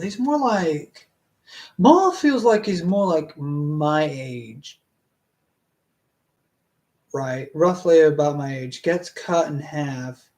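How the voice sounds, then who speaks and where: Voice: medium pitch, a little mellow. A streamer reading a fantasy book aloud to a live chat, breaking off into rambling, hesitant asides full of restarts.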